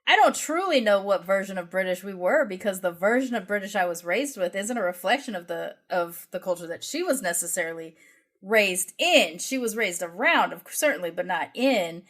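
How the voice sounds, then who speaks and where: A woman's voice: mid-range voice, expressive, normal speed, a bit bright. An American woman co-hosting a podcast, telling a family story in a rambling, reflective, self-correcting way. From United States. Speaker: podcast co-host. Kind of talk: casual conversational chat.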